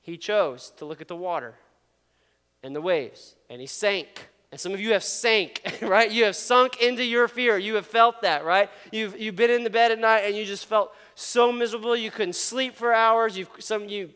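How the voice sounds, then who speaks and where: Playful high-voiced male preacher in a hall. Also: moderate pace, sharp tone, smooth. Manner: playful, laughs often, asks the audience questions. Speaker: youth pastor. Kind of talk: casual youth sermon. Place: large hall with an audience. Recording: long hall reverb.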